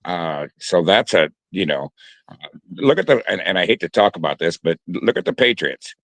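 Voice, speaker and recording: Low-voiced hesitant sports co-host man. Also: sing-song, moderate pace, creaky, a bit bright, no echo. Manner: hesitant, many restarts and fillers. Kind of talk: casual sports talk.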